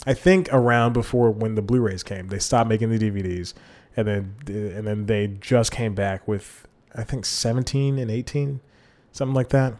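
A lower-voiced man hosts a solo podcast from a home setup, speaking into a desk microphone with headphones on. He rambles in a loose, casual way, keeps correcting himself and chuckles at his own asides. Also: fairly even intonation, normal speed, a little mellow. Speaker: podcast host. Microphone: headphones and desk mic.

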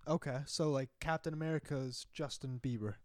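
A man's voice: medium pitch, normal speed, no echo, clean studio sound. A young man co-hosting a podcast, joking crudely and mocking himself. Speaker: podcast co-host. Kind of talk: casual podcast banter.

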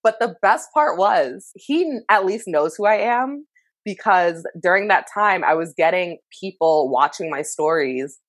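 Woman, lower pitch, blunt, profane, laughing, casual chat, dry close sound. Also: lively intonation, unhurried, no room sound. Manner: blunt, frequent swearing, laughs often.

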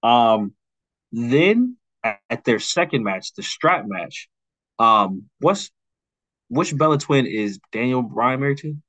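A man's voice: mid-range voice, lively intonation, fairly bright tone, no room sound, low-quality recording. Man rambling through a wrestling recap. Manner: mimics wrestlers' lines in quick asides. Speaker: podcast co-host. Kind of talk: casual chat, pitching a storyline rewrite.

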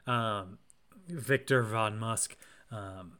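A man's voice: lowish voice, extremely slow, sharp tone. A man co-hosting a podcast, retelling a film plot casually with sarcastic jokes. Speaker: podcast co-host. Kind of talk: casual movie recap chat.

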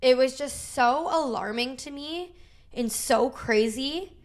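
A woman in her thirties tells a story in loose podcast chat. She acts out every quote in an animated way, with big swings in her voice, and swears freely. Her voice sits a little high. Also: takes it slowly. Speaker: podcast co-host. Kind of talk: casual chat.

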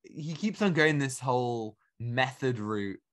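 A man's voice: medium pitch, animated, measured pace, a bit bright. A young man co-hosting a film podcast in casual chat, talkative and incredulous, often laughing. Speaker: podcast co-host.

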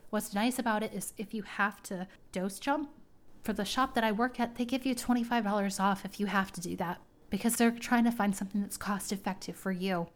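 A woman's voice: medium pitch, brisk. A woman hosting her own podcast, talking casually and at length in a rambling, heartfelt way. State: tearing up. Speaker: podcast host. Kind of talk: casual personal talk.

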